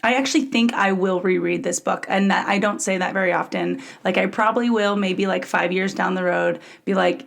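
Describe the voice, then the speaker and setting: Gravelly-voiced enthusiastic woman podcaster. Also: mid-range voice, fairly even intonation, a little fast, hardly any pauses. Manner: enthusiastic, lots of "like" fillers. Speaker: podcast co-host. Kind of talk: casual book club chat.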